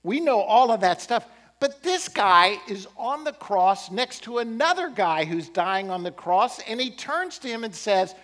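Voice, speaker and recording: A man's voice: sits high, measured pace, hardly any pauses. A man preaching a sermon as pastor, building emphasis with rising and falling delivery. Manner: animated, rising and falling emphasis with occasional laughs.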